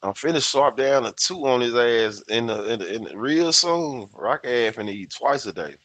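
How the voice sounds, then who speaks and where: A livestream host in his fifties with a Southern Memphis accent chats at normal speed in an expressive, mid-range, slightly bright voice. He rambles loosely, swears and laughs at himself.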